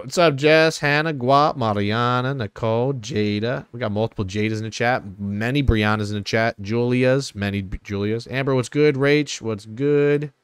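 A young man hosts a casual live-stream reaction. He talks loudly, swears freely and greets viewers by name one after another. His voice sits at a middle pitch and comes through dry and close to the mic. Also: moderate pace, hardly any pauses, clean tone, no echo. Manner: loud, swearing, laughing, greeting chat by name.

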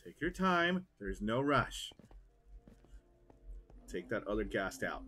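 A young man giving excitable, jokey live commentary while streaming a game. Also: lowish voice, slow pace, pauses often, soft background music.

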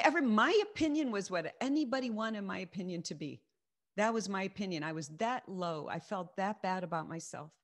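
A woman leading a Christian teaching on a video call, sharing her testimony earnestly and repeating key phrases for emphasis. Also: mid-range voice. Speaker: faith group teacher.

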